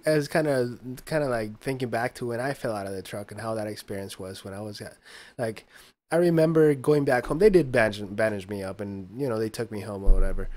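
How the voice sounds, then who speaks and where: A man with a middle-pitched voice chatting at an easy pace. He is laid-back and halting, filling his gaps with "uh" and "um." The tone is relaxed podcast conversation. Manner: laid-back, short agreeing replies, halting with "uh" and "um". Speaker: podcast guest. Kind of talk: casual chat.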